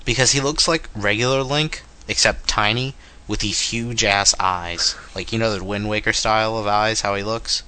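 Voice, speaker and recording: Male podcast co-host, low but bright voice, rambling casual gaming chat. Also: moderate pace, smooth. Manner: rambling, jokey, mocks companies in made-up dialogue.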